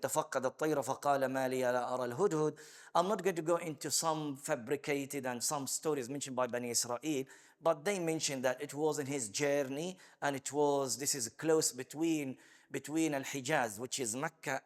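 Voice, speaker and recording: A man gives a tafsir lesson in a mosque, explaining step by step, reciting verses quickly and repeating words as he searches for phrasing. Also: medium pitch. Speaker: Quran teacher.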